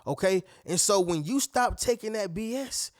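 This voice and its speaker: A man's voice: animated, moderate pace, no room sound, studio quality. A man hosting a motivational video, talking emphatically to his viewers and often acting out what other people would say. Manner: emphatic, preachy, addresses viewers as "y'all" and "family"; acts out other people's lines in a higher voice. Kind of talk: motivational talk to camera.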